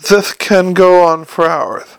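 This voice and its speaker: A man playing a gruff, lisping male lab servant with an Uberwald accent. His voice is gravelly and sits close and dry, as in a storybook reading. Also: on the high side, animated, normal speed, a bit bright, no room sound. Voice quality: lisp.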